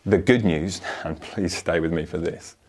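A man preaching a sermon, lively and earnest, acting out imagined voices and often repeating words as he starts a thought. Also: sits low, measured pace, breathy edge. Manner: animated, acts out voices of others, repeats words when starting.

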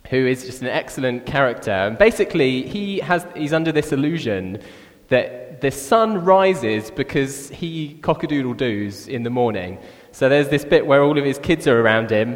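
A man preaching a sermon in a relaxed, chatty way, often saying "like" and "actually". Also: mid-range voice. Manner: conversational, animated, with frequent "like" and "actually". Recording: reverberant church hall.

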